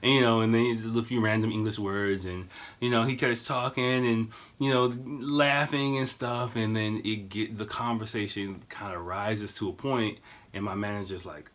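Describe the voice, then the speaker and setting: A man's voice: on the low side, normal speed, a bit bright. A man in his thirties telling a story on his podcast in a rambling, profane, casual way. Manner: rambling, profane, lots of fillers. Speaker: podcast host.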